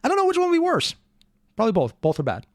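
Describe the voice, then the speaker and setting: A man hosting a reaction video, talking in a rambling, excitable way with joking asides. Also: very high voice, racing, dry recording, studio quality. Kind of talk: casual reaction commentary.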